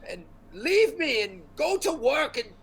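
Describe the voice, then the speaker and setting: Casting: man playing a haughty, half-mad old wizard, very high and shrill, bossy. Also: sing-song, a little slow, a bit bright, full character voice. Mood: shrill indignant. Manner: shrieking, indignant, bossy.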